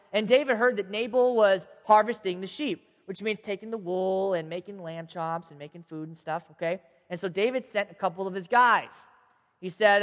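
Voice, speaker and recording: A man teaching a group of kids, telling a Bible story in a chatty, animated way and checking in with them often. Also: sits high. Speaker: youth teacher. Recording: long hall reverb.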